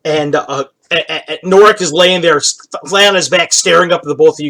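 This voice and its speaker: A man narrating a tabletop game as dungeon master, in a relaxed, rambling way full of fillers. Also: on the high side, a little fast, hardly any pauses.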